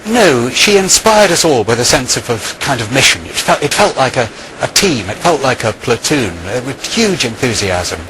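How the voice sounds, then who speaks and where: A man whose voice moves lively up and down answers an interviewer about his former boss. He sounds eager and sometimes restarts his words, with faint ambient sound behind him. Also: medium pitch, moderate pace, slight background noise, rough recording. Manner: eager, some stammered restarts. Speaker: former correspondence clerk.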